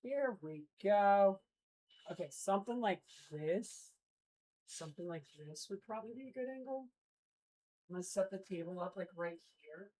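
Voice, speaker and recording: A woman's voice: mid-range voice, animated, normal speed, mellow. Young woman streamer, loose and rambling, lots of ums, chatting with viewers at home. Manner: chatty, rambling, many fillers, talks to chat while working. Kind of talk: casual live-stream chat.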